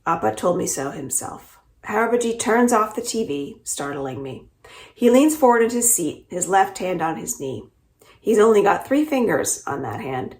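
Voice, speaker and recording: A woman librarian reading the first chapter of a middle-grade novel aloud, with expressive, lively storytelling. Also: mid-range voice, moderate pace. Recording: roomy echo.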